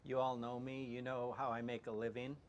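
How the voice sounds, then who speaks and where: A man voicing a gruff male shark hunter in his own plain, flat reading voice, wooden and hesitant, with no accent. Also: mid-range voice, a little fast, slight background noise, close to an everyday voice. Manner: hesitant, wooden, loses the lines.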